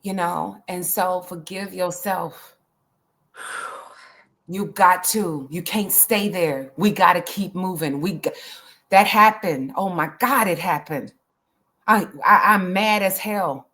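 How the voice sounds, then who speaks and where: Earnest, emphatic woman with a lowish voice. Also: takes it slowly, a bit bright. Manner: earnest, emphatic, repeats phrases, voice rises when upset. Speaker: interview guest, autism advocate. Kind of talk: emotional interview talk.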